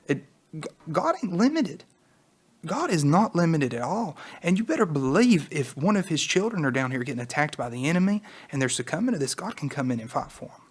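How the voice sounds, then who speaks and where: A man's voice: a little high, sing-song, fairly quick, breathy edge. A man co-hosting a Bible teaching podcast, talking in an earnest, exhorting way that rises to emphatic peaks.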